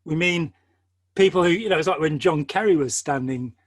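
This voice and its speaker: A man's voice: a little high, moderate pace, no room sound. An older man with an English accent, talking earnestly and at length in a discursive conversation, with many quotes and asides along the way. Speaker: host.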